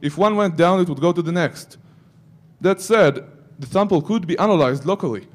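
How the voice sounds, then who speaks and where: A man's voice: high-pitched, normal speed. A man giving a security conference talk, breaking into joking asides to the audience. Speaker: conference speaker.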